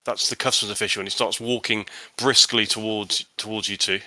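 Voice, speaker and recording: Bright-voiced man narrating as game master. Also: on the low side, steady tone, brisk, no echo. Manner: hesitant, full of restarts and ums. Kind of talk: narrating a tabletop horror game.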